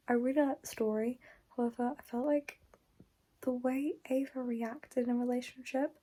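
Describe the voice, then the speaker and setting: A woman's voice: a little high, dark tone, husky, low-quality recording. A young woman chatting casually as a book vlogger, gushing and talkative with lots of "like". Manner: chatty and gushing, heavy use of "like". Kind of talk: casual vlog chat.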